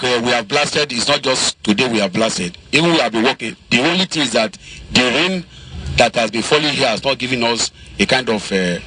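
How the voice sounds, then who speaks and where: A man answering questions as a road contractor, halting and restarting his words often. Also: medium pitch. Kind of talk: on-site press questioning. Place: outdoors beside a busy road. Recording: outdoor recording with loud traffic noise.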